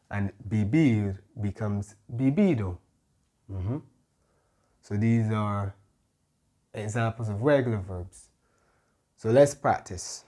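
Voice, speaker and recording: A man teaching a grammar lesson, explaining patiently and pausing often with soft "mm-hmm" fillers. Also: on the low side. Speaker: Spanish tutor.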